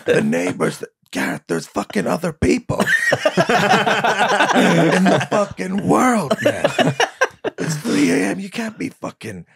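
A man putting on a drawling, loud, jovial male comedian friend who swears and laughs through his words. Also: high voice, wildly swooping pitch, measured pace, vocal fry, pauses often, breathy edge, pitched above the performer's own voice, exaggerated voice. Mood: exasperated.

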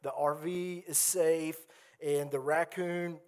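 A man's voice: on the high side, steady tone, slow pace, a little mellow. A man preaching a sermon as a teaching pastor, telling a personal story in a conversational way before reading scripture aloud. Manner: storytelling, conversational with quoted asides.

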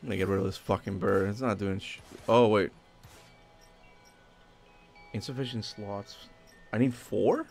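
A man streaming a video game, chatting casually and excitably as he plays, with the odd swear. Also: on the low side, measured pace, creaky, pauses often, faint music behind. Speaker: gaming streamer. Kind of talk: casual live gameplay commentary.

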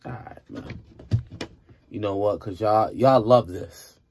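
A man's voice: on the low side, slow, background noise. A young man hosting a music reaction video, talking casually and rambling in exasperated, playful disbelief.

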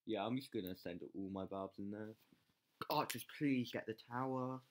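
A gamer commentating live gameplay, excitable, yelling at troops, swearing and mocking themself. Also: medium pitch, normal speed. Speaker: game channel host.

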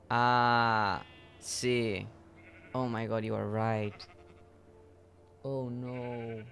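A man's voice: medium pitch, slight background noise. Playful man. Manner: playful, laughing, slips into Spanish exclamations. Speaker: streamer. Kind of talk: live gameplay chat.

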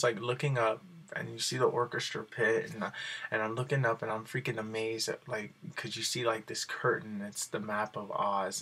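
Male vlogger, lowish husky voice, excited and rambling, casual storytelling. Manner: excited and rambling, many fillers like "like" and "you know". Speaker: video blogger.

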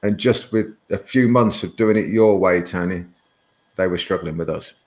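A man whose voice sits low with a darkish tone hosts a live webinar, talking at normal speed. He chats casually, laughs a lot, and tells long, rambling stories.

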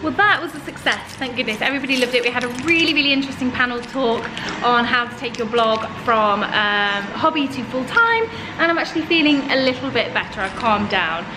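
A young woman vlogs to camera in a casual, chatty way. She sounds expressive and often exasperated, with a fairly high voice. A faint hiss sits under her speech. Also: fairly quick. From United Kingdom. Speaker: lifestyle vlogger.

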